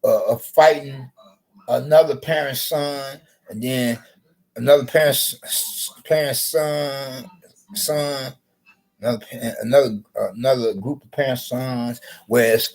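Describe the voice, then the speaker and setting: A man's voice: mid-range voice, fairly even intonation, measured pace, darkish tone, low-quality recording. A man rambling through a solo social media broadcast, often repeating himself and restarting his sentences.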